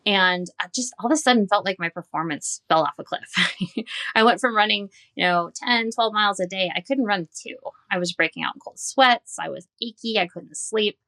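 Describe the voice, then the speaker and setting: Bright-voiced woman telling her story. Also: medium pitch, moderate pace. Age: 40s. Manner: candid and earnest, recounting with quoted dialogue. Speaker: dietitian and guest. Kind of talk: personal storytelling in an interview.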